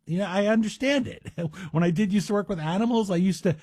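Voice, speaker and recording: A man's voice: high-pitched, brisk, darkish tone, slightly rough, dry recording, studio quality. A middle-aged man guest hosting a talk radio show, chatty and wry, with self-deprecating asides. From Greek heritage. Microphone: studio microphone.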